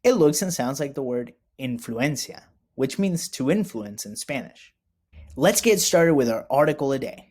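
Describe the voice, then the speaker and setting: A man teaching a recorded lesson to young students, speaking slowly and clearly with repeat-after-me prompts. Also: mid-range voice, expressive, darkish tone.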